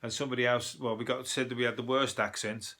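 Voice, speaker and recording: A comedian from Birmingham talks in a broad Brummie accent, rambling from story to story with plenty of swearing and chuckles at his own lines. His voice is bright and forceful, sitting at an ordinary male pitch. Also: flat delivery, fast, creaky. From Birmingham, England. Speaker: comedian and show host. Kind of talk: casual comedic monologue.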